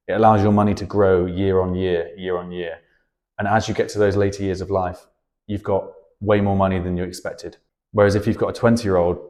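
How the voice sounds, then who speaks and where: A man's voice: low-pitched, a little mellow. A British man, a personal finance educator, explaining money over on-screen charts and walking through the figures step by step.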